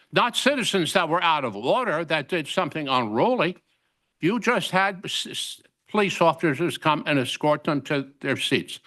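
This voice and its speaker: An older man with a forceful, bright voice pitched a little high stands at the podium microphone in a council chamber. He delivers his public comment with indignation, driving each point home and repeating phrases for emphasis. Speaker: resident giving public comment.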